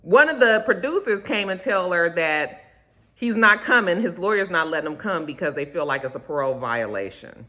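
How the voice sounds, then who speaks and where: A woman chatting through a reality-show recap to camera, telling it with sassy slang and drawn-out emphasis. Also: lowish voice, animated, pushed and bright.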